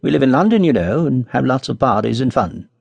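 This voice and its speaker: A man voicing an eager, boastful schoolboy in a children's storybook reading, lifting his voice high with excitement. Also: brisk, gravelly, slightly rough, no echo, heavily acted.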